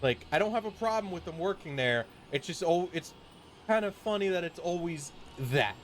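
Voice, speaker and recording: A man's voice: high voice, expressive, moderate pace, slight background noise. A man streaming a game while telling a grumbling, profanity-laced story in a casual chat. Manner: swears freely, grumbling rant.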